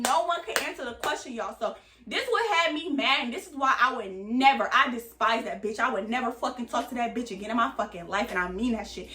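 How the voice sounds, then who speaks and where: A young woman telling a personal story to her viewers in a casual, animated, profane way, often calling them y'all. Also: on the high side, a little fast. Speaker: vlogger. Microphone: camera mic. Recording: roomy echo, distant from mic.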